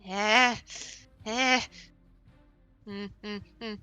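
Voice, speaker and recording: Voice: mid-range voice, fairly even intonation, drawn-out words, pushed and bright, clear, resonant tone, soft background music. A player in a tabletop game who laughs a lot and sounds unsure of what to do. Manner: giggly and unsure.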